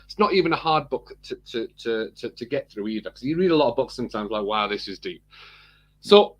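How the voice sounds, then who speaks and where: A man's voice: mid-range voice, lively intonation, fairly quick, husky. A man co-hosting a podcast, chatting casually and rambling, repeating words and laughing often. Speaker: podcast co-host. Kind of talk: casual chat.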